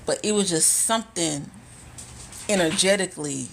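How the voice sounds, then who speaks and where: Streaming from her phone indoors at home, a spiritual content creator shares stories in a lowish, gravelly voice at a moderate pace, with slight background noise. Her manner is casual and blunt, she swears, and she says things again to drive them home.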